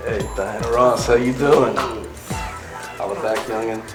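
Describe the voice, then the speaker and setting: A man's voice: lowish voice, fairly even intonation, takes it slowly, echoey room, music in the background. An actor playing a sleazy man who leers and drawls come-ons at the women in line. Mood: leering.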